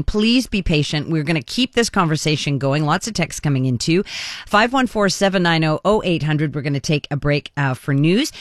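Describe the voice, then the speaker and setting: A radio call-in show host talking casually with callers, chatty and quick to laugh. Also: medium pitch, fairly bright tone, dry recording, studio quality. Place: radio studio.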